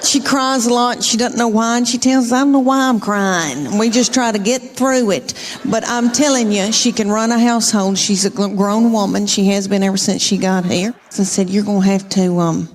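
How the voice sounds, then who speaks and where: A woman's voice: on the high side, fairly even intonation, fairly quick, few pauses, big-room sound, a little hiss or hum. Chatty woman comedian on stage. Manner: chatty storytelling with drawled asides. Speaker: stand-up comedian. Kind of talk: stand-up comedy. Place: comedy stage with live audience.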